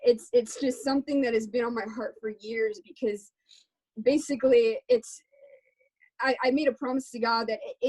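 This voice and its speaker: A young adult woman talks candidly in an interview, her voice slightly higher than most. She speaks earnestly and from the heart, with a plain, conversational delivery. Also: darkish tone, husky, low-quality recording. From Texas. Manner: earnest, heartfelt, faith-centered. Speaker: guest musician.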